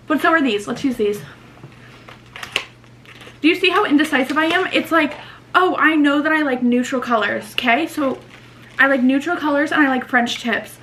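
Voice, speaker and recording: Brief: young woman, slightly high voice, rambling chatty vlog at home, filler-heavy, faint hiss behind. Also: a bit bright. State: out of breath. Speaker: beauty vlogger. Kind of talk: casual chatty vlog to camera. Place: at home, indoors. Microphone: camera mic, later phone on a tripod.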